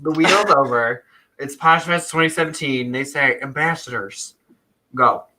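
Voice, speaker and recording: A man who is a guest on a casual live-stream chat over a video call, chatty and quick with asides. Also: mid-range voice, background noise.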